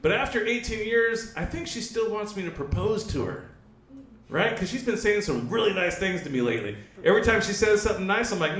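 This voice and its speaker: A high-voiced man tells crude stories on a stand-up stage, and his pitch swings widely as he acts out the back-and-forth. His voice carries an echo from the live venue around him. He delivers it all through a handheld mic. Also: normal speed. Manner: crude, animated storytelling with acted-out dialogue. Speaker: stand-up comedian. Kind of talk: stand-up comedy set. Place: brewery comedy stage with a live audience.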